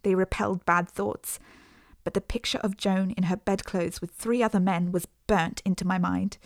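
A woman narrating a first-person story as an audiobook, in a measured, earnest way. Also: medium pitch, fairly even intonation, gravelly, no echo, studio quality.

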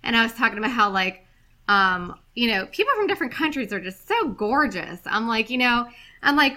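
Her voice is a little high, bright and pushed, with lively intonation and a fairly quick pace. She co-hosts a film podcast, telling stories in a chatty, casual way and laughing a lot.

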